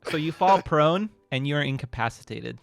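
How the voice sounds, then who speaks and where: Gravelly-voiced male game master, slow, dry close sound. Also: fairly high pitch, expressive, no echo, faint music behind. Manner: laughs often, halting fillers. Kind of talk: running a tabletop game.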